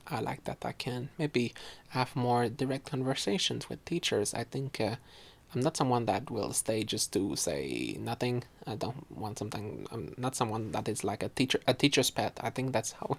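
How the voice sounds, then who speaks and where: Young man, husky voice, casual solo podcast chat, rambling, self-correcting. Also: medium pitch, expressive, normal speed. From Quebec, Canada. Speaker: podcast host and student.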